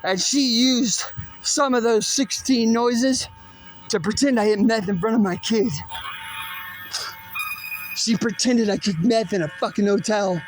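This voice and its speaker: Furious ranting man, high-pitched. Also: unhurried, pauses often, soft background music. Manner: aggressive, profane, threatening; rambling, swings between shouting and muttering. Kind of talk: angry rant at an unseen person.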